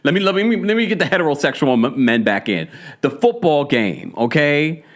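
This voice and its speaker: A man's voice: on the high side, sing-song, normal speed. A man with a Jamaican accent in casual, playful commentary, chatting to viewers with laughs and asides. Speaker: celebrity news commentator. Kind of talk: casual chat.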